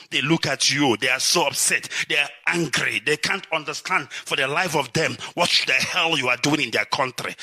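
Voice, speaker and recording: Fiery Nigerian man, husky and bright. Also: no echo. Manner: fiery, swinging from shouts to low urgent warnings. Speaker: activist speaker. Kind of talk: impassioned live address.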